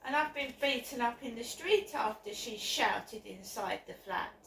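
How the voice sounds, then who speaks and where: A woman's voice: a little high, lively intonation, a little slow, vocal fry, a bit bright, recorded from a distance. A woman filming a personal vlog on her phone, talking in an upset, insistent and repetitive way. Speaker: vlogger. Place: outdoors by her flats. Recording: echoey, off-mic with faint background noise.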